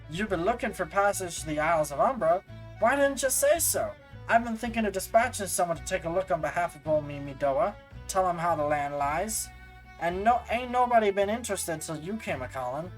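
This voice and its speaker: A streamer voicing a gruff older dockside foreman, reading game dialogue in a rough, folksy, grumbling way, over faint music. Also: mid-range voice, close to an everyday voice, rough recording.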